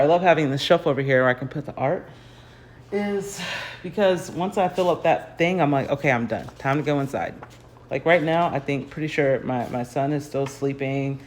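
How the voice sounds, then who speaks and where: A woman's voice: deep voice, a little hiss or hum. Chatty woman rambling through a livestream. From United States. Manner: chatty and rambling, laughs often, many fillers. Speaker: artist hosting a livestream. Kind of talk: casual livestream chat while painting. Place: home garage, early morning. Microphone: phone livestream.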